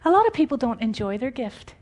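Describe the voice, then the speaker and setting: A woman preaching an informal, conversational sermon, animated and often laughing. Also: high-pitched, fast talker.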